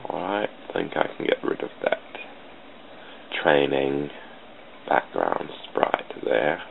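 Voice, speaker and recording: Man, put-on mock-formal voice, very low and gravelly, tinny phone-like recording. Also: very animated, slow. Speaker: channel host drawing sprites. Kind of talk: casual drawing commentary. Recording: tinny phone-like lo-fi with faint hiss.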